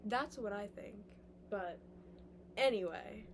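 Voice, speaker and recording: A young woman musing aloud in a casual, rambling vlog monologue, sometimes sliding into soft whispers. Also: medium pitch, slow pace, a little hiss or hum. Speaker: vlogger. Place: indoors, sitting on the floor.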